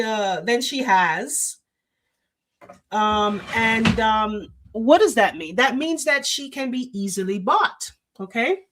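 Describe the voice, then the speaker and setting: Chatty woman hosting a livestream. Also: medium pitch. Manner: chatty, talks straight to viewers, many fillers. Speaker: show host. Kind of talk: livestream commentary, reading news articles aloud. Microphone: desk microphone with a loose cable.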